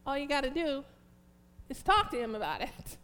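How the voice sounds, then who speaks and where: A woman preaching a fervent, prayerful sermon, reading scripture slowly and emphatically. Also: sits high, very animated, fairly bright tone.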